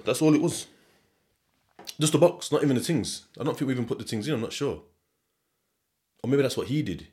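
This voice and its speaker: Man, Sheffield accent, young adult, podcast host, casual rambling, swears a lot, mid pitch. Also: darkish tone. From Sheffield, England. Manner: meandering, swears freely, chuckles often.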